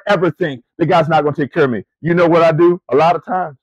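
Man, middle-aged, preacher, animated storytelling, emphatic questions, addresses crowd as family, fairly high voice, dry sound. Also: fast, hardly any pauses, no echo, low-quality recording. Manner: conversational, addresses listeners as family and y'all. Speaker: preacher and camp ministry CEO. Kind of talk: sermon to student athletes.

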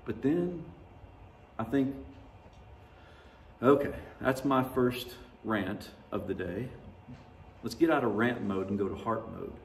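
A man's voice: mid-range voice, lively intonation, takes it slowly, long pauses, slight background noise. A man preaching a sermon as pastor, telling stories in a folksy, conversational way and laughing at himself. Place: church sanctuary. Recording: roomy, distant church mic.

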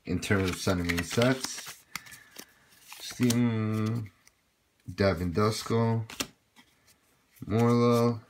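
A man hosting a card pack-opening video, chatting casually and getting excited over his pulls, with quick apologetic asides. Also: on the low side, background noise. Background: crinkling packs and shuffling cards.

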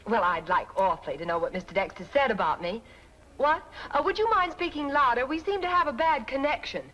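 An actress in a 1940s film playing a witty young model who speaks in a wry, sharp-tongued way. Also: female voice, high-pitched, expressive, brisk, lo-fi sound, a little hiss or hum. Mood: suspicious. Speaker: advertising model.

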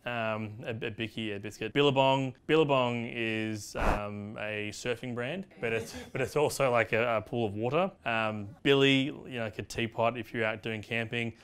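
A man's voice: medium pitch, fairly even intonation, normal speed, hardly any pauses, a bit bright. An Australian man explaining slang in casual, chatty talk, full of fillers, hopping from one word to the next.

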